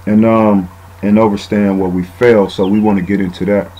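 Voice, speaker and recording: Low dark-voiced man teaching scripture. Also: little pitch movement, moderate pace, slight background noise, poor audio. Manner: casual, repeats himself with fillers and "man". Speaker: bible teacher. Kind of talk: informal bible teaching.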